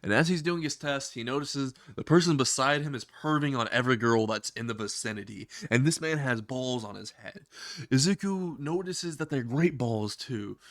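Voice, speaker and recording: A man casually narrating a crude comedy fan story, often chuckling at his own jokes. His voice sits at an ordinary pitch. The recording is dry and close. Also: moderate pace, no room sound.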